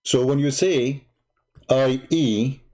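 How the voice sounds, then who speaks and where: A man hosting a live stream, mocking and sarcastic, growing loud and excited as he argues. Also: mid-range voice, takes it slowly. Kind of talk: live-streamed religious debate talk.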